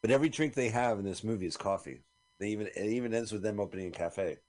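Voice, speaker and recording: Watching a movie with his fellow radio co-host in the studio, a man banters casually, trading film stories and breaking into silly voices. His lowish voice is a little mellow, and he speaks quickly.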